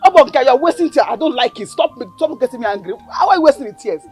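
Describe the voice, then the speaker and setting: Loud taunting Nigerian sister, high and swooping voice, bossy bully. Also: female voice, animated, quick pace, faint music behind. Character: scornful bossy young woman bully. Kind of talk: Nollywood film acting.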